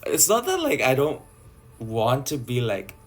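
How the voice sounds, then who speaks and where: A man's voice: medium pitch, huge pitch swings, measured pace. A young man from Canada with a Canadian accent, chatting playfully and loosely with viewers on a livestream, drifting from topic to topic. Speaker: idol livestream host. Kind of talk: casual livestream chat with viewers. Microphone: phone livestream.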